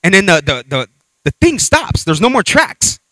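A man preaching a sermon with animated storytelling, acting out voices and scenes as he talks. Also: high voice, moderate pace, no echo.

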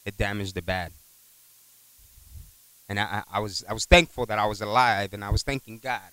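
A man preaching a sermon in a conversational, animated way, telling a personal story, repeating words and asking the congregation for an amen. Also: lowish voice, normal speed, clean tone, dry recording, rough recording. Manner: animated, acts out voices in his stories.

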